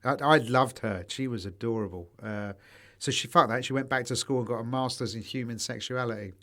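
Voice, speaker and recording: A man's voice: mid-range voice, brisk, pushed and bright. A man co-hosting a casual podcast chat, swearing freely and telling anecdotes with quoted voices. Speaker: podcast co-host.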